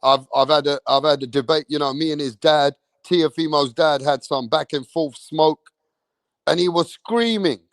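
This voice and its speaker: English guy ranting on his boxing stream, swearing nonstop, kinda high voice, dry sound. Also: moderate pace, no echo. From England. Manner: angry, swearing constantly, repeats himself. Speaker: boxing channel host. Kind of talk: profane livestream rant.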